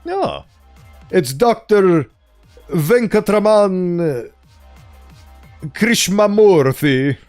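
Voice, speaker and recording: A man's voice: sits high, sing-song, slow pace, pauses often, a little mellow. A man reading horror fiction aloud, who stumbles over words and breaks off into chatty comments. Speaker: online reader and host. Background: faint background music.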